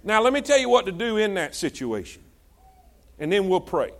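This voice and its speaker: A male pastor preaching a sermon. He calls to the congregation for responses and swings between shouted exhortation and low, hushed asides. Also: very animated, normal speed.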